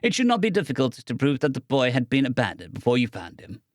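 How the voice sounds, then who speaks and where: A man narrating an audiobook, voicing an aging, sharp-tongued woman who snaps out curt, teasing remarks. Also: mid-range voice, wildly swooping pitch, quick pace, no echo, clean studio sound. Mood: stern. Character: aging sharp-tongued mother, snappish but proud.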